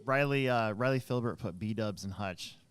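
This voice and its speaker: Rambling animated man telling a story. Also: on the low side, moderate pace, smooth, no room sound, studio quality. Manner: rambling, animated anecdote with many restarts. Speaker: podcast co-host. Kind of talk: casual storytelling chat.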